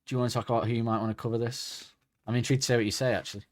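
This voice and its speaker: A man's voice: mid-range voice, fairly even intonation, very fast. A man co-hosting a casual music podcast, rambling and hedging as he chats. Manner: chatty, rambling, hedging asides. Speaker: podcast co-host.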